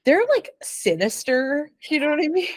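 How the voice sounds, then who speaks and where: A woman's voice: high voice, very animated, a little slow, no room sound. A young adult woman co-hosting a podcast, chatting casually and rambling with lots of giggles and fillers. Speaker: podcast co-host. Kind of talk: casual chat.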